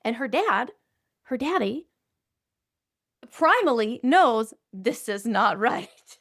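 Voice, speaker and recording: A woman speaking as a doctor guest on a podcast, telling a story in an animated, conversational way with frequent filler phrases. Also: on the high side, takes it slowly. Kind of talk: conversational interview.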